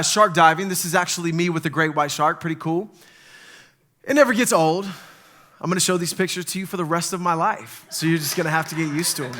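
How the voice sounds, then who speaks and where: A man, a pastor, giving a sermon and telling stories with lively acted-out quotes. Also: a little high. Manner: animated storytelling, acts out panicked quotes. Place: church stage.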